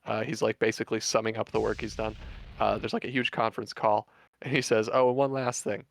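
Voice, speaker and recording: Gravelly laid-back man telling stories. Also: on the low side, level tone, fast talker. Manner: laid-back storyteller, many fillers and swearing. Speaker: streamer. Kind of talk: casual chat.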